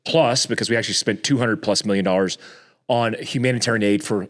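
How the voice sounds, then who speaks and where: A man talking as a podcast guest in casual chat, ranting heatedly, often restarting his words and jumping up in pitch when exasperated. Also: steady tone, quick pace. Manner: frequent restarts and repeated words.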